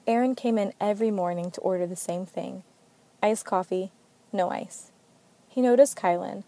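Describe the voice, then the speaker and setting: A woman narrating an amateur story reading in a steady, plain manner. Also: mid-range voice.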